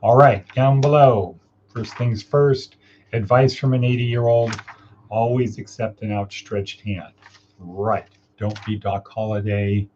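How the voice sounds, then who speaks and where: A man's voice: lowish voice, steady tone, slow pace, a little mellow, highs cut off, slight background noise. A man hosting a casual morning coaching livestream, upbeat and encouraging as he reads viewer comments and guides listeners through steps.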